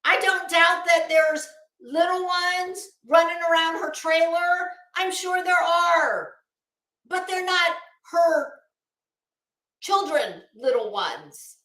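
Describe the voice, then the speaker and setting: A woman's voice: extremely high pitch, slow pace, pushed and bright, roomy sound. A woman hosting a live commentary stream, rambling bluntly and sarcastically while greeting her viewers.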